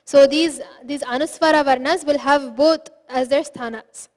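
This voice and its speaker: A woman with a high, light voice gives a patient lesson. She explains each point step by step and sounds out syllables to show how they are made. Her voice rings with a long reverb, as if the room is large and hard-walled. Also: fairly even intonation, moderate pace. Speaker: Sanskrit pronunciation teacher. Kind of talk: online lesson.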